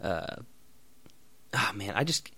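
A young man in a casual, profane rant, blunt and loud in bursts, then muttering. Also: fairly low pitch, lively intonation, slow pace, husky, dry recording. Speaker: vlogger.

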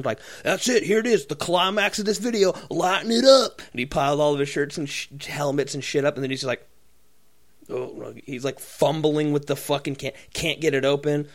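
A man co-hosting a casual podcast, ranting in a profane, mocking way and acting out other people's voices. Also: on the high side. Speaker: podcast co-host. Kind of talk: profane comedic rant.

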